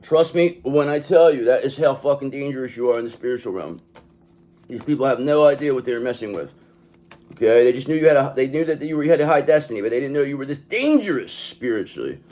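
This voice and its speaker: A man's voice: mid-range voice, lively intonation, fast, a little mellow. A man giving a tarot reading in an emphatic, profane manner, often checking in with "okay?". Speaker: tarot reader.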